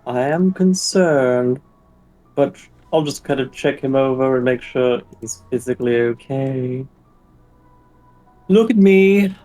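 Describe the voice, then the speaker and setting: A man playing a tabletop game, speaking in a mild, measured way. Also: mid-range voice, steady tone, warm tone, faint music behind, low-quality recording. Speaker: player. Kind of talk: casual tabletop play.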